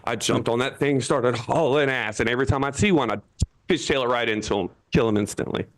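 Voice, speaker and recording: A man in his thirties from Florida performs a stand-up comedy set from his seat on an online show, speaking a little fast. Whenever he quotes people, he jumps into high-pitched voices.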